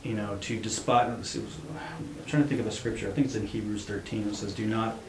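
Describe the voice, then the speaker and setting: A man's voice: lowish voice, steady tone, brisk. Een man met een lage stem die voorleest en nadenkt, in een galmende ruimte met zacht geruis. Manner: hesitant, restarts, fillers. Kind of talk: reading a story aloud, then reflecting. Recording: roomy echo, faint hum.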